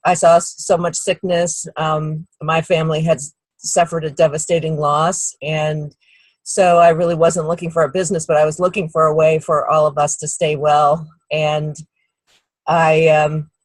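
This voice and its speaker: Middle-aged woman, husky and slightly low, dry close sound; relaxed storyteller on a team call. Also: normal speed, no echo, poor audio. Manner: warm anecdotal storytelling, acts out quoted people. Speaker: guest speaker.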